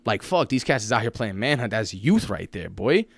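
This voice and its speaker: A man's voice: lowish voice, normal speed, gravelly, dry recording. A man, co-hosting a podcast in casual chat, telling stories with lots of slang and acting out his friends' voices. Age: 20s. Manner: animated storyteller, slangy, acts out friends' voices. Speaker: podcast co-host.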